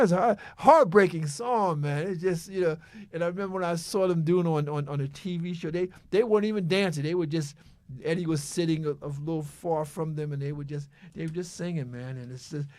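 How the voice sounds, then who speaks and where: A man's voice: fairly high pitch, brisk, a little mellow, no echo. An older man co-hosting a radio show, talking in a reflective, emotional way and often stammering and repeating words. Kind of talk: casual radio chat.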